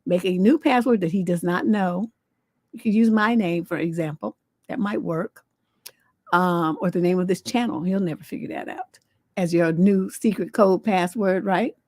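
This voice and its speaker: A woman's voice: on the low side, normal speed, darkish tone, no room sound. A woman hosting a livestream as a relationship coach. She talks in a blunt, sassy way and swears freely. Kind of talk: livestream advice show.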